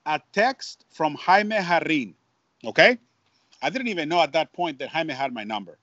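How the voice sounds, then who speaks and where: Animated high-voiced man telling a story. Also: normal speed, dry recording, dull audio. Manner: animated, repeats words, mixes in Spanish phrases. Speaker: baseball broadcaster, guest. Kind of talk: storytelling in an interview. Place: at home.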